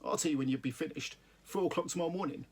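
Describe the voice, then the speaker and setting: A man voicing a gruff army sergeant with a Geordie accent who barks orders. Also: on the high side, very fast, a little mellow. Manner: barking orders, stifling laughter.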